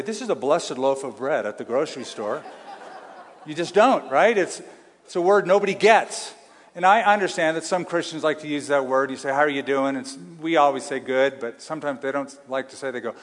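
A pastor delivers an emphatic sermon, his fairly high male voice drawing out key phrases and calling on the congregation to answer. The sound rings with the long reverb of a large church hall. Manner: emphatic preaching, slows for stress, asks congregation to answer.

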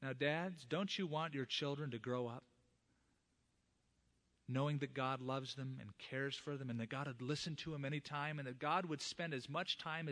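Earnest preaching pastor, bright man's voice. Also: mid-range voice. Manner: earnest, directly addresses fathers in the congregation. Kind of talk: sermon.

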